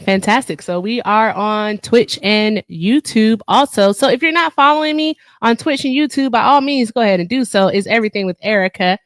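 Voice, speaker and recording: A woman's voice: medium pitch, no echo, studio quality. A woman hosting a casual livestream, chatty and playful with a teasing manner. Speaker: livestream host.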